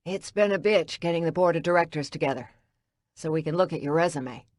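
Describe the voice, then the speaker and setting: A man's voice: a little high, a little fast, no echo, natural voice. A woman voicing a busy, apologetic male executive in an audiobook.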